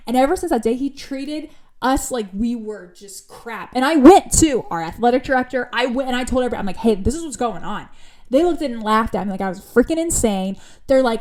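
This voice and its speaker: Brief: young woman, podcast host, casual storytelling, slightly high voice, animated and chatty. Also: a little fast. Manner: chatty, animated, full of asides and restarts.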